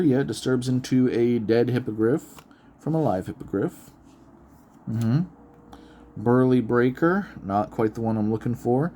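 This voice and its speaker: A man in an easygoing, unscripted monologue, reading card text aloud and then musing over it, laughing now and then. His voice sits at an ordinary middle pitch. A faint hiss runs under the recording. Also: a little mellow. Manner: chatty, reads card text aloud and muses, laughs often. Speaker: card-opening video host. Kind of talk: unedited casual commentary.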